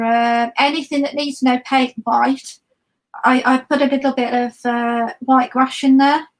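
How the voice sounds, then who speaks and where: A woman's voice: sits high, fairly bright tone, low-quality recording. A woman, a guest artist chatting through a live watercolor demo in a rambling, friendly way with many ums and restarts. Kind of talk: live-stream art demo chat.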